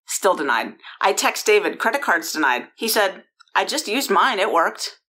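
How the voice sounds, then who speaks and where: A woman's voice: medium pitch, big pitch swings, a little slow, sharp tone. A woman from San Francisco telling a personal story in a chatty way, with restarts and asides to the listener, recorded in a bedroom. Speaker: founder and host.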